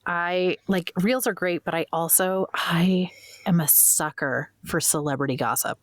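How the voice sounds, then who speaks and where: An American woman co-hosting a podcast, relaxed and chatty. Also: on the low side, a little slow, no room sound, clean studio sound. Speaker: podcast co-host. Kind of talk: casual chat.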